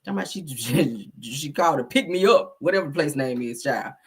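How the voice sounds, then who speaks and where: Low-pitched and breathy at the edges, she talks animatedly and fairly quickly. As host of a casual chat, she delivers live comments with dramatic sass, swears a lot and calls her viewers "baby" and "child."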